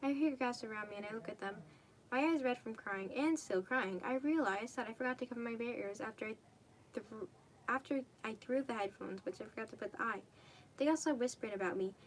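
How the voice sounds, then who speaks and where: A young woman reads fan fiction aloud in a loose, casual way, tripping over words and fixing them as she goes. Her voice sits a little high. A faint hiss of noise runs behind her. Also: a little fast. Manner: casual, stumbling, self-correcting, swears. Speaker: fanfic reader.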